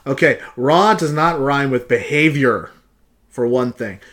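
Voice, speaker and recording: A man's voice: mid-range voice, very animated, a little slow, a bit bright. A man hosting a casual video, picking apart song lyrics in an exasperated, sarcastic rant and repeating his points for emphasis. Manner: emphatic repetition. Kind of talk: casual vlog commentary.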